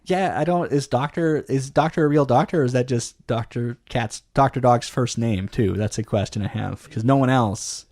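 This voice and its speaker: A man's voice: mid-range voice, moderate pace, hardly any pauses, a little mellow. Joking man co-hosting a toy podcast. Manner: jokey, with playful quoted voices. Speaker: podcast co-host. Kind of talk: casual chat.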